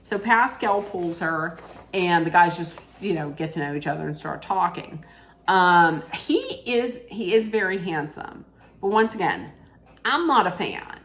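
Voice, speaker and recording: Chatty opinionated woman, low-pitched. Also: expressive, a little slow, a bit bright. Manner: chatty, opinionated, rambling with restarts. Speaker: reality TV recap vlogger. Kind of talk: casual rant-style recap.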